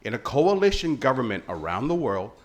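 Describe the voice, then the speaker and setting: A man's voice: medium pitch, very animated, fairly quick. A man from Thailand in his late fifties, speaking as a panelist with jovial, joking, emphatic remarks. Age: late 50s.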